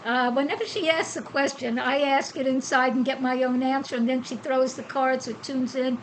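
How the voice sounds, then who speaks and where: In Costa Rica, a woman hosts a spiritual podcast, chatting casually and posing rhetorical questions to herself before answering them. Her voice sits high, and the audio is poor, with a little hiss or hum.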